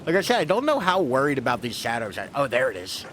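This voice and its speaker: A man's voice: mid-range voice, huge pitch swings, fast talker, background noise. A man streaming a video game, chatting casually to viewers, rambling and self-deprecating with casual swearing. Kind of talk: casual let's-play commentary.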